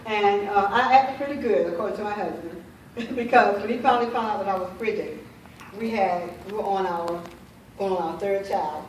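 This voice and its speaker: A middle-aged woman speaking at a women's conference, giving a heartfelt personal testimony in a halting way, often repeating phrases. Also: mid-range voice. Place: large hall at a women's conference. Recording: echoey hall, voice from far off, faint hiss.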